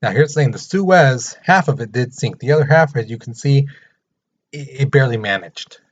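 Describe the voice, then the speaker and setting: A man gives an informal history lesson in a medium-pitched voice, loosely acting out what the historical players said. The recording sounds dull and slightly lo-fi. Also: moderate pace. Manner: casual, acts out countries' quotes in a lively voice. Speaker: history teacher.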